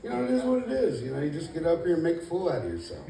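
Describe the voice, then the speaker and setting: A first-time stand-up comedian does a laid-back, rambling, self-deprecating routine in a comedy club, full of "you know." His slightly high voice swings widely in pitch, comes rapid-fire with vocal fry, and is picked up from a distance in an echoey, noisy room with crowd noise.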